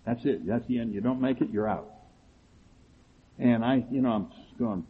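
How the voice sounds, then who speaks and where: A middle-aged man telling his own story to a recovery group, animated and quick to act out other people's replies. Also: medium pitch. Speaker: speaker sharing his story at a recovery meeting. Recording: tinny phone-like recording with faint background hiss.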